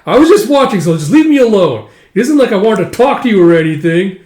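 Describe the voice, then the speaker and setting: A man's voice: sits high, a little fast, darkish tone, pitched above the performer's own voice, natural voice. A man putting on a frantic anxious young woman. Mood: flustered. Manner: frantic, panicky denials. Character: anxious self-doubting young woman, dramatic. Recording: echoey room.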